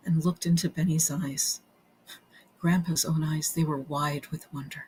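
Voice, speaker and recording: A woman telling a children's story in a soft, hushed way. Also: deep voice, moderate pace, slight background noise, low-quality recording.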